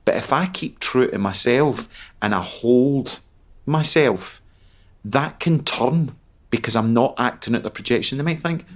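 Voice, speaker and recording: A man's voice: medium pitch, measured pace. A Scottish man co-hosting a podcast, explaining his views earnestly in casual chat. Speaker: podcast co-host.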